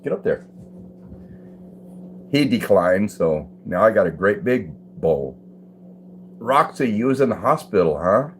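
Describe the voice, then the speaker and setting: Here the livestream host is an older man at home, casually reading viewer comments, calling people by name, and chuckling freely. His lowish voice is expressive and keeps a measured pace, with a little hiss or hum in the recording.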